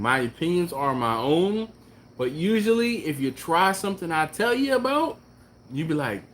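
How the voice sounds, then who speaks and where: A man's voice: on the high side, normal speed. Easygoing male BBQ live-stream host. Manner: relaxed, rambling, answers chat comments. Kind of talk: casual live-stream chat.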